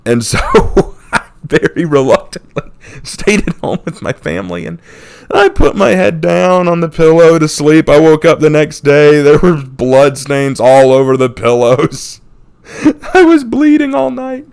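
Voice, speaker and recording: A man's voice: fairly high pitch, animated, vocal fry, a little mellow, clean tone. A man from the United States telling a funny childhood story on his channel and laughing often. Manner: acts out people in the story with quick impressions. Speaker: channel host. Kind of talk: casual storytelling.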